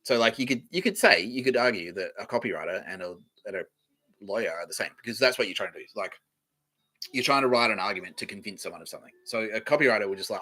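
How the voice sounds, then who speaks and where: A man's voice: fairly low pitch, animated, fast, sharp tone, husky, low-quality recording. A young man hosting a podcast, talking in a casual, swaggering, profane way and laughing often. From Australia. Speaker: podcast host. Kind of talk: casual comedic monologue.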